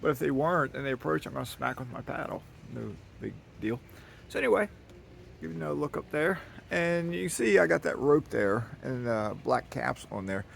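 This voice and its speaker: Man, very gravelly voice, folksy rambling tour vlog, outdoor handheld camera with faint hiss. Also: medium pitch, lively intonation, normal speed. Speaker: vlogger giving a property tour. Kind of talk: casual walk-and-talk tour. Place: outdoors on a waterside dock. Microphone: handheld camera carried while walking. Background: birds.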